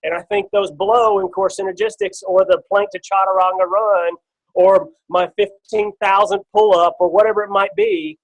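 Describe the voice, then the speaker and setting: Brief: middle-aged man, slightly high voice, casual rambling testimony on a team call. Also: fairly quick, gravelly, poor audio. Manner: casual and storytelling, with many fillers and restarts. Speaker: guest speaker on a team call. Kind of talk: personal testimony on a conference call.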